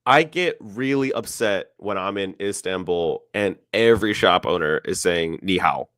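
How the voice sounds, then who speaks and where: A man co-hosting a casual livestream chat, talking in an animated way with frequent restarts and swearing. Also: low voice, normal speed, clean tone, no room sound. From South Korea. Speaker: co-host.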